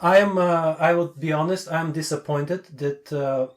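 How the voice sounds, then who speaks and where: A non-native English-speaking man with a somewhat high voice, coaching in a casual call. He talks bluntly and with emphasis, and he hammers his main points again and again. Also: steady tone, normal speed. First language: not English. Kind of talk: casual video call chat.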